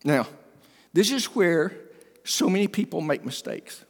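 An older man, a pastor, preaching an earnest sermon that swings between emphatic and hushed. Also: sits high, expressive, a little slow. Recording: long hall reverb.

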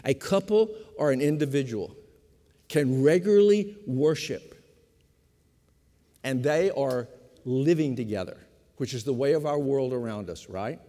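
An older man, a pastor of fifty years, preaching a sermon with emphatic repetition, slowing for stress and speeding through asides. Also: medium pitch, animated, warm tone. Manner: emphatic preaching, repeats key phrases, shifts between slow stress and quick asides. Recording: long hall reverb.

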